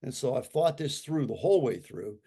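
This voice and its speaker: A man in his sixties, a guest on an interview, who talks in an animated and emphatic way and repeats his points for effect. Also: medium pitch, a little fast, creaky, breathy edge. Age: 60s. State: recovering from a stroke. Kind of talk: casual conversational talk.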